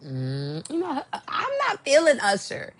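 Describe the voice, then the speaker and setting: A young woman hosting a casual chat show, gossiping with lively swoops of pitch and sudden high exclamations. She takes her time, drawing out her words at an unhurried pace. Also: husky. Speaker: podcast host.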